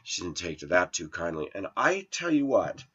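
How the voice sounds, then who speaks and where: A man's voice: low-pitched, big pitch swings, normal speed, fairly bright tone, slightly rough. A man telling a long personal story in a rambling, aggrieved monologue, his voice rising when he replays arguments. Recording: lo-fi dull sound.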